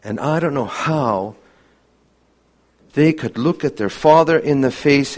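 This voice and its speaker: A man preaching a sermon earnestly, asking many rhetorical questions and dropping to a hushed voice for emphasis. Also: medium pitch, slow.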